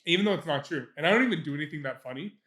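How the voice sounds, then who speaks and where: A young man with a slightly higher voice chats loosely on a podcast and laughs as he tells his stories. He swears freely and speeds up when a bit gets going. The sound is roomy and echoey. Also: animated, rapid-fire, fairly bright tone. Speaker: podcast co-host. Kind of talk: casual chat. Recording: echoey room.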